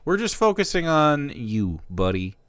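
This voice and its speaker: Man, streamer commentary, mocking, slightly high, crisp voice. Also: big pitch swings, a little slow, no room sound, clean studio sound. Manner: sarcastic, mocking asides with laughs. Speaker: streamer reacting to a video. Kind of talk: casual commentary.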